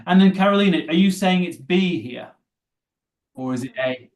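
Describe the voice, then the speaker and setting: A man's voice: sits high, lively intonation, moderate pace. A man teaching an English vocabulary class, asking students questions and encouraging them. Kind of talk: live online class.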